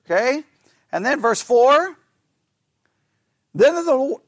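A man's voice: extremely high pitch, animated, a little slow, fairly bright tone. A man leading a Bible study class, asking the group questions and repeating phrases over and over for emphasis. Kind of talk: interactive Bible study lesson.

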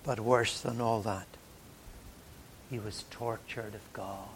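A man preaching a sermon in a dramatic way, dropping to a hush and then rising loud. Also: lowish voice, steady tone, slow pace, long pauses, slight background noise. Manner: dramatic, swings from hushed to loud.

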